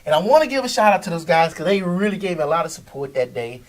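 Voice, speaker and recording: A man's voice: a little high, fast, distant mic. A man hosting his own video show, talking casually and loosely, swearing freely and laughing as he answers critics. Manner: animated, swearing, laughs often, talks back to critics. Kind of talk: casual monologue to camera.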